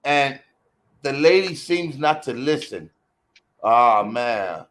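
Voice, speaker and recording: A man's voice: medium pitch, slow. A man telling a story in casual profane chat, acting out the people in it. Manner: profane, animated, acts out quoted voices. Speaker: guest storyteller.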